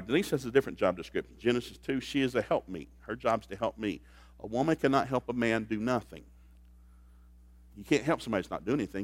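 A man's voice: lowish voice, no room sound. Folksy joking preacher man, dry sound. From grew up in a blue-collar factory family. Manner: folksy, joking, swings from quiet to loud. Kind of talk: humorous marriage sermon.

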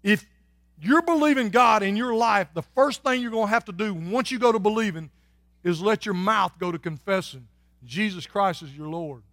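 A man preaching a sermon as a pastor, dropping soft and low and then rising to shouted exhortation. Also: moderate pace, dry recording, clean studio sound. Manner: folksy, swings from soft and low to loud and shouting.

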